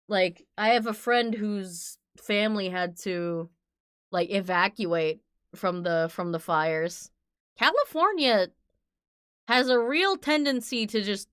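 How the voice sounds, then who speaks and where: A woman's voice: mid-range voice, expressive, takes it slowly, long pauses, a bit bright, clear, resonant tone, no room sound, studio quality. A young woman from New Jersey casually joking and commenting as she streams a game. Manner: joking, irreverent, swears. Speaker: vtuber streamer.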